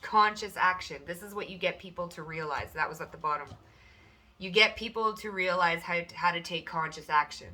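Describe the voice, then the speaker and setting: A woman talks her way through a pick-a-card tarot reading in a relaxed, chatty manner. Her voice sits a little low but sounds bright and forward. Now and then she jumps into high, animated voices to act out the people she describes. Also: normal speed.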